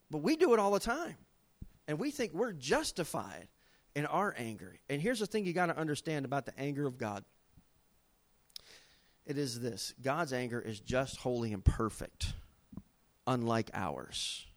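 A middle-aged pastor preaches with real drive. His voice sits a little high for a man and climbs and drops sharply as he acts out stories and scripture, swinging from loud bursts to hushed, slow lines. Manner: animated storytelling with dramatic swings in pitch and loudness. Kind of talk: sermon.

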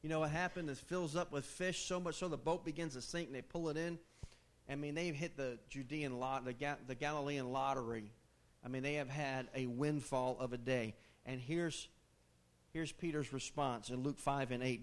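A man preaching a sermon in an animated, conversational way, posing questions to his listeners. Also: medium pitch, normal speed.

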